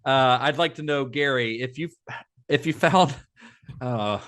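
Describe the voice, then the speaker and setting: A man co-hosting a casual podcast, easily explaining movie history and laughing along with his co-hosts. His voice sits at a middle pitch, and his talk runs on at length with small restarts. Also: measured pace, a bit bright. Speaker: podcast co-host. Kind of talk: casual film podcast chat.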